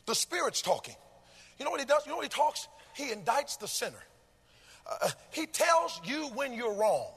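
A man a sermon in a rhythmic, sung cadence that swells into shouted chanting. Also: extremely high pitch, very animated, normal speed, vocal fry, breathy edge, long reverb tail. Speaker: preacher.

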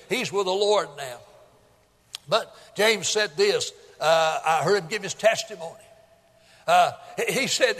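A male pastor preaching a sermon in a folksy storytelling way, building up to shouts at the high points. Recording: long hall reverb.

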